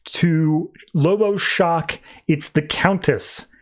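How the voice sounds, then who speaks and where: Man, podcast co-host, casual comic recap, chatty, slightly raised pitch. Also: extremely slow. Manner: chatty, heavy use of "like" when retelling.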